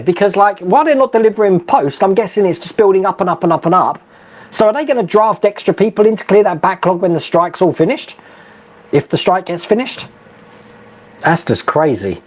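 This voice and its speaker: A middle-aged man hosting a live stream, chatting casually, reading viewer comments and laughing often. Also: high voice. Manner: chatty, laughs often, many fillers and restarts.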